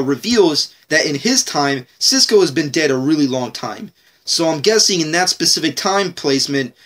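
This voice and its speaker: A man giving an excitable, rambling TV episode review, swearing often and restarting his sentences. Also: a little high. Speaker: TV show reviewer. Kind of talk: casual spoken review.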